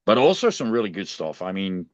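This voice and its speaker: A man's voice: low-pitched, sing-song, fairly quick, dry recording. A man with a Dutch accent chatting casually on a podcast, laid-back and laughing easily. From Netherlands. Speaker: podcast co-host. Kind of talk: casual chat. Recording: dull dry lo-fi sound.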